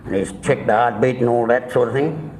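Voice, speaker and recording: A man spins off-colour yarns in a loose, meandering way, swearing freely. His voice is mid-pitched and easygoing, with a faint hiss behind him. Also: a little fast, a little mellow, low-quality recording. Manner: rambling, swearing, folksy. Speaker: joke teller. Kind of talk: casual storytelling of crude jokes. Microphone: filmed by a camera operator.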